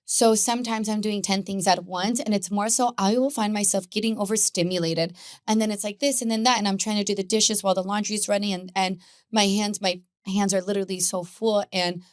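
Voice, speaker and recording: A woman speaks as a podcast guest, chatting in a lively, storytelling way about her day-to-day life. Her pitch sits in the middle range for a woman. The sound is dry and close, with no room echo. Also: brisk. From Mexican-American family. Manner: chatty, animated storytelling with laughter. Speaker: guest, Pilates instructor. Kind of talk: casual podcast conversation.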